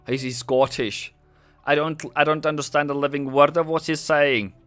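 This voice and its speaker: A man's voice: on the high side, steady tone, normal speed, fairly bright tone, dry recording, soft background music. A man with a Norwegian accent, a native Norwegian speaker, hosting a casual trading live stream, joking and chatting with viewers. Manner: joking, chatty, reads chat aloud.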